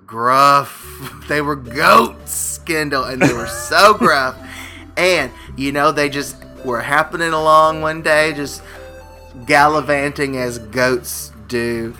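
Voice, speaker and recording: Man, comedy podcast co-host, very bright voice, slightly high, rambling joking storyteller, casual banter. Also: takes it slowly, soft background music.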